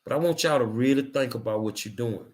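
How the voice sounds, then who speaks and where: A man's voice: mid-range voice, quick pace. A middle-aged man hosting his own show, delivering an angry, emphatic monologue with hard repetition. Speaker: show host. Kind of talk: impassioned monologue.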